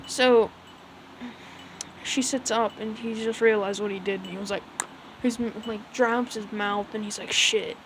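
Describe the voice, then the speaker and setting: A woman's voice: medium pitch, fairly even intonation, unhurried, long pauses, slight background noise, low-quality recording. A woman casually retelling a story as a fan, rambling and full of fillers like "so yeah".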